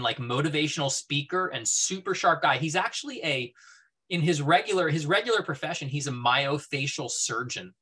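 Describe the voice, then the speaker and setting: Bright-voiced man telling travel stories. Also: mid-range voice. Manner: enthusiastic storytelling, heavy on "like" and "you know". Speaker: guest speaker. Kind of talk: casual presentation talk.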